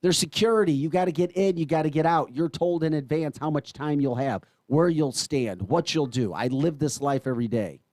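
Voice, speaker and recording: A man's voice: on the high side, a little fast, hardly any pauses, dry recording. A man with an American accent hosting a morning talk radio show, ranting in an emphatic, exasperated way. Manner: exasperated, emphatic, animated rants.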